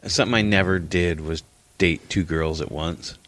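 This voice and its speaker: A man's voice: low-pitched, fairly even intonation, normal speed, fairly bright tone, dry recording. A man in casual chat, blunt and wry, swearing casually. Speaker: podcast co-host.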